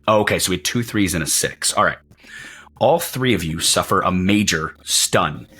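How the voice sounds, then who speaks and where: A man's voice: sits low, expressive, normal speed, bright, forceful tone. A man narrating as game master of a tabletop role-playing session, describing scenes at length with frequent restarts.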